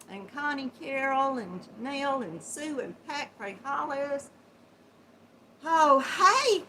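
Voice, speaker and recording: This woman hosts a casual yarn chat livestream at home at her computer, her high-pitched voice captured by a built-in laptop microphone. With a Southern Georgia accent, she's slow and chatty, laughs often, and warmly calls viewers hon and sweetheart. There's slight background noise on a rough recording.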